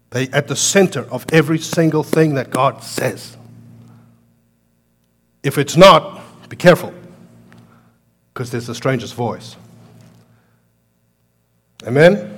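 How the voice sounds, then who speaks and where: Man preaching with loud bursts. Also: mid-range voice. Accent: foreign to American listeners. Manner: animated preaching with sudden loud outbursts and quiet storytelling. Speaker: pastor. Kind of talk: sermon.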